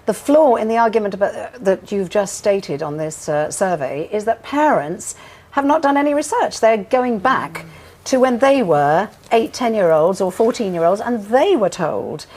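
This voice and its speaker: A woman's voice: mid-range voice, lively intonation, normal speed, darkish tone, breathy edge. An older woman with a posh English accent, a voice actress and coach speaking emphatically in a studio interview.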